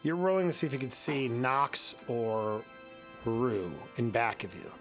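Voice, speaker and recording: A man's voice: mid-range voice, expressive, a little slow, faint music behind. A man with a Midwestern accent, running a tabletop game as game master and explaining the rules in a casual, rambling way. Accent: Midwestern American.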